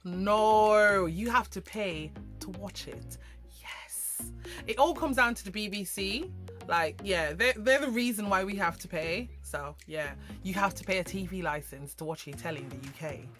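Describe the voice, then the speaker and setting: A woman from Jamaica with a Jamaican accent, chatting to camera in an animated, emphatic way with slangy asides. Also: medium pitch, measured pace, faint music behind. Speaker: vlogger. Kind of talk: casual chat to camera.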